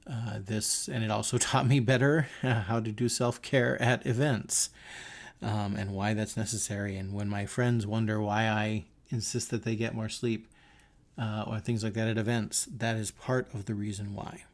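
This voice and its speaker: A man's voice: lowish voice, steady tone, moderate pace. A man hosting his podcast, talking in a thoughtful, earnest way and telling stories as he reflects. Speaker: podcast host. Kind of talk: reflective casual monologue.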